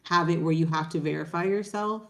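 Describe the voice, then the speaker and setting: A woman's voice: fairly low pitch, a little fast, fairly bright tone. A woman guest on a trading stream, chatting casually and filling her talk with "like". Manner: chatty, says "like" a lot, laughs easily. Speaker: guest trader and content creator. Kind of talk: casual live-stream chat.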